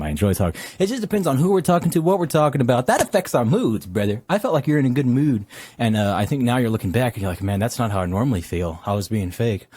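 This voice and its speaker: A man's voice: mid-range voice, mellow, husky, no room sound. A man in casual chat, soothing and rambling, calling the other person brother and dude. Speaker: streamer reassuring a guest.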